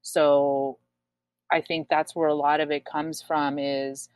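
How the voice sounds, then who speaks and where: Low-voiced woman, candid and blunt. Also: level tone, slow pace, a little mellow, smooth, no room sound. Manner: frank, swears freely, many fillers. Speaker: guest sharing her story. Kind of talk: candid casual chat.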